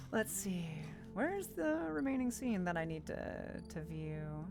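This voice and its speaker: A woman's voice: fairly low pitch, very animated, slow, over music. Giggly, chatty woman streamer. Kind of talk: casual live-stream commentary.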